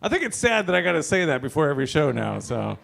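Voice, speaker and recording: A man's voice: on the high side, very animated, quick pace, gravelly, a bit bright. A man in his thirties hosting an open mic and doing a loose stand-up set, joking, swearing and chuckling between lines on a handheld stage mic.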